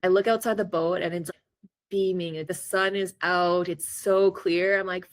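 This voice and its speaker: Chatty low-voiced woman telling a story. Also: steady tone, measured pace, no echo. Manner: chatty, lots of "like" fillers; acts out her own reactions in quotes. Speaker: podcast co-host. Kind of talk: casual storytelling.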